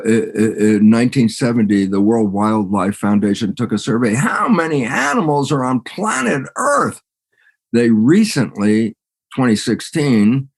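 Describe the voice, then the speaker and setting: A man, a biologist and podcast guest, talking in a lively storytelling way, acting out quoted lines and laughing between sentences. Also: medium pitch. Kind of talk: animated storytelling interview talk.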